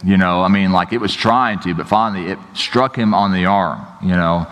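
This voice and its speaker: Low-voiced pastor in a reverberant hall. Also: male voice, normal speed, a bit bright. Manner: casual joking storytelling, lots of "you know, like". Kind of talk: sermon.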